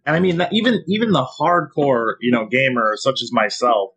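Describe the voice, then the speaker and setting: A man with a husky, slightly rough voice chats casually on a gaming podcast. He rambles through his points and laughs as he talks. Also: mid-range voice, fairly quick, fairly bright tone. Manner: rambling, chatty, laughs while talking. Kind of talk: casual chat.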